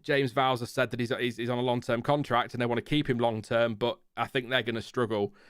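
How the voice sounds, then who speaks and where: Speaking at a fast clip with a steady, medium-pitched, clean tone, this Lincolnshire-born F1 channel host chats on a casual live stream. He has a Lincolnshire English accent and keeps rambling, starting sentences over and laughing at his own digressions. The recording is dry and sounds like a clean studio.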